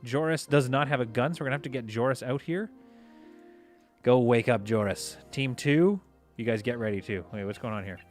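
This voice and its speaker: A man commentating live over a space strategy game, giving orders to his crew and reacting out loud as things go wrong. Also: medium pitch, fairly quick, faint music behind. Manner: excitable, talks to himself and his crew while playing. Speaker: gaming streamer.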